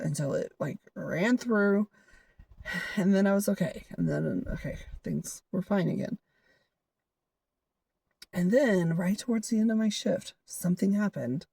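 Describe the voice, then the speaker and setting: A woman's voice: fairly low pitch, creaky, mellow, husky, dry recording, far from the mic. A woman vlogger telling a personal story in a casual, rambling way, full of fillers and laughs. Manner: rambling, many fillers like "you know" and "like", laughs often. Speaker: hiker vlogger.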